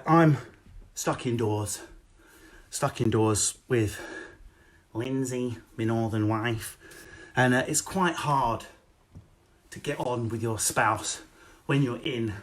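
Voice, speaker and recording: Brash sweary male comedian. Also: mid-range voice. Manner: brash, rapid, sweary, animated. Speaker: stand-up comedian. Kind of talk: live-streamed stand-up set. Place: home, indoors. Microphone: phone or webcam.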